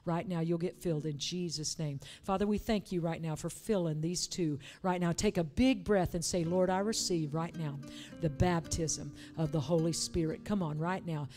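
A woman's voice: lowish voice, steady tone, moderate pace, mellow, soft background music. A woman preacher leading a church service, urging and coaxing the congregation in a fervent, repetitive way. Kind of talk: sermon with altar call.

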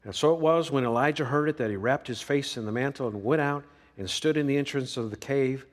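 A man preaching a sermon, swinging between emphatic lines and hushed ones. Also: medium pitch, a little fast. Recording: long reverb of a large hall.

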